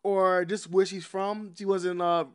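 A man's voice: high-pitched, flat delivery, unhurried, clear, resonant tone. A man, co-hosting a podcast in casual chat, telling laid-back, slangy stories and laughing often. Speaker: podcast co-host.

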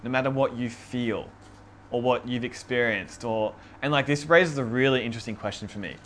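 A man leading an informal Bible study, teaching in a relaxed, chatty way with many fillers. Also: medium pitch, a little fast, a little hiss or hum. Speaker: youth group or Bible study leader. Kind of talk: casual conversational teaching on scripture.

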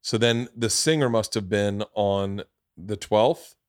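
A man's voice: on the low side, slow, smooth, no echo, clean studio sound. A man hosting a podcast, telling a long rambling story in casual chat, swearing freely. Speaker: podcast host.

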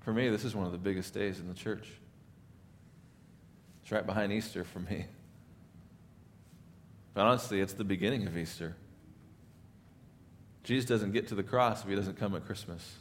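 Earnest man preaching, low-pitched, swells then softens, sermon delivery. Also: normal speed, pauses often, a little hiss or hum. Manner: earnest, builds up then drops to soft emphasis. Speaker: pastor. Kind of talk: Christmas sermon.

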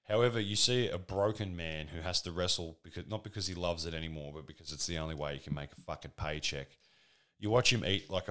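Casting: low-voiced man, rambling, profane, sardonic comedy monologue. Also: fairly bright tone. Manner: rambling, crude, sardonic, full of fillers.

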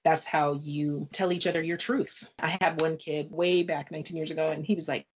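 A woman's voice: deep voice, normal speed, dull audio, slight background noise. A middle-aged woman, a teacher, chatting casually in an interview and acting out classroom conversations as she tells them. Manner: animated storyteller acting out dialogue.

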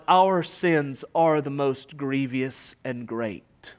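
Man preaching a sermon, slow deliberate delivery, kinda higher voice, big swings loud to hushed. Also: fairly even intonation, smooth. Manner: impassioned preaching, swelling loud and dropping to near whisper. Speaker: pastor.

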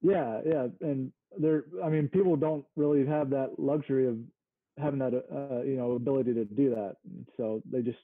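A man's voice: mid-range voice, steady tone, moderate pace, dry recording. A man from Mississippi, a guest chatting in an easygoing way and searching for words as he goes. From Mississippi, United States. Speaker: interview guest, small farm owner. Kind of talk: casual conversation. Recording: narrow phone-like sound.

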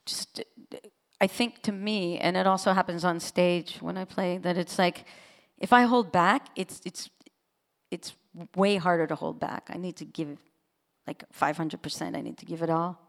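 An expressive woman musician talks in an interview, her voice sitting on the low side. Long hall reverb trails each phrase. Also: moderate pace, creaky. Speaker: musician guest. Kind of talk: interview conversation.

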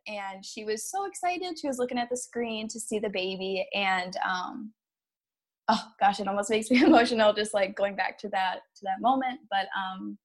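A woman in her thirties shares a painful memory in a halting, emotional way. Her voice sits at an ordinary middle pitch, and she breaks off with small nervous laughs as she speaks. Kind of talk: personal story.

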